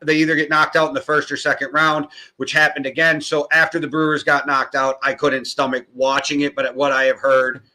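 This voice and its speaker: A man's voice: a little high, flat delivery, a little fast, hardly any pauses, sharp tone. A man co-hosting a podcast, talking sports in a casual, rambling way and correcting himself as he goes. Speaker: podcast co-host.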